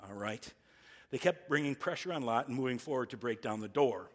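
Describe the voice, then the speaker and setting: A man preaching a sermon in an earnest, halting way, often restarting his phrases. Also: mid-range voice, lively intonation. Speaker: pastor.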